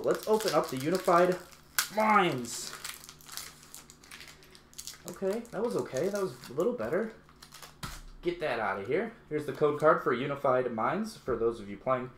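Excitable man unboxing cards, echoey room. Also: a little slow, pauses often, a little hiss or hum. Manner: excitable, playful, self-mocking, voice jumps high when excited. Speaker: YouTube unboxing host. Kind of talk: casual unboxing commentary.

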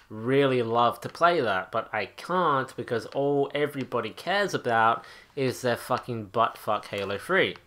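Guy ranting and swearing over his game footage, sharp bright voice, fed up. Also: mid-range voice. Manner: profane, exasperated ranting. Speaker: gaming channel host. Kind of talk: angry gameplay rant.

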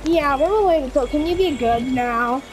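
A woman's voice: high-pitched, normal speed, faint music behind, close to an everyday voice. A woman voicing a young female creature from a lab who pleads with her dragon brother during in-game role-play. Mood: pleading.

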